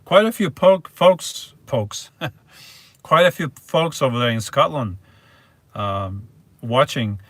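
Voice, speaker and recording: A man's voice: mid-range voice, lively intonation, takes it slowly, long pauses, fairly bright tone, dry recording. A man hosting a casual live stream, reading viewer messages aloud and answering them in a rambling, hesitant way. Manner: rambling and hesitant, restarts words, reads viewer names aloud.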